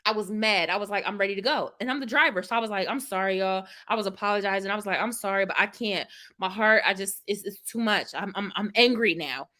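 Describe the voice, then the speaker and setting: A young woman vlogger telling a story casually to her live chat, lively and laughing as she acts out what she said. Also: medium pitch, fast talker, hardly any pauses. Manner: animated, laughing, dramatic retelling with quoted exclamations.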